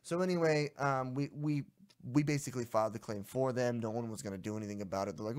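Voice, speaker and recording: Young guy on a podcast, ranting and fed up, normal pitch. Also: fast, a little mellow. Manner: ranting, exasperated storytelling. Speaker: podcast co-host. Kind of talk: casual podcast chat.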